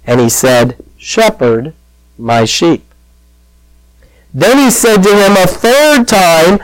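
A male pastor delivers a sermon in a fairly high voice, recorded dry and close. He tells the story with animated, acted-out voices and questions thrown to his listeners. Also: measured pace, no room sound, low-quality recording.

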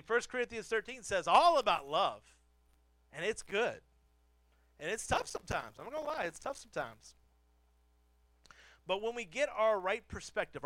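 A pastor with a high-pitched, pushed, bright voice preaches a sermon from a church pulpit, recorded without echo. He tells a family story with self-deprecating humor and repeats phrases for emphasis.

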